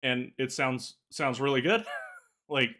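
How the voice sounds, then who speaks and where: Male podcast co-host, bright forceful voice, chatty and opinionated, medium pitch. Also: measured pace. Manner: opinionated, laughs at his own jokes, stammers on restarts. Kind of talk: casual chat.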